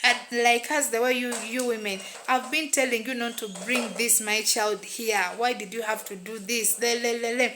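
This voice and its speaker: A woman's voice: on the high side, steady tone, normal speed, few pauses, noisy background. A woman narrating a first-person story in an emotional, repetitive way. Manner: emotional, repetitive, tags lines with "what and what".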